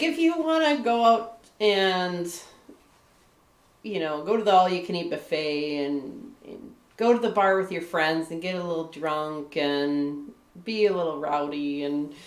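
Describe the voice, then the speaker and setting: A woman's voice: fairly low pitch, echoey room. A woman from Michigan, a guest author on a live stream, talking candidly in casual chat, with a lot of "like" and "you know" and frequent laughs.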